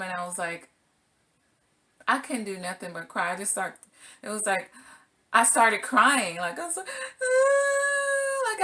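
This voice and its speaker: A woman's voice: mid-range voice, bright, forceful tone. A middle-aged woman vlogging as a single mother, telling a personal story casually and acting out her own exclamations.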